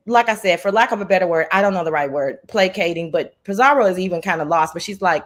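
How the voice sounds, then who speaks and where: A woman's voice: medium pitch, lively intonation, fast talker, few pauses. Blunt, profane woman telling a story. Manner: blunt and profane, recounting drama with irritation. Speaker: guest and live-chat moderator. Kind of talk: casual storytelling chat.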